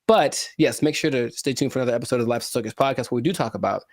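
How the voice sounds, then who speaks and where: A man's voice: mid-range voice, rapid-fire, dry recording, studio quality. A man co-hosting a casual podcast chat, jokey and theatrical, with mock-emotional asides. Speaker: podcast co-host.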